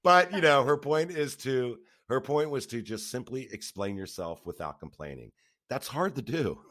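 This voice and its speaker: A man's voice: medium pitch, lively intonation, moderate pace, a bit bright. A man co-hosting a podcast, chatting casually in a reflective way and chuckling often. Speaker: podcast co-host. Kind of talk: casual chat.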